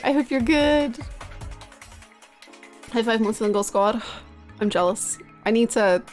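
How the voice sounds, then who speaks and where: On a live stream, a young Australian woman with a fairly high voice chats casually with viewers, sounding bubbly and laughing easily.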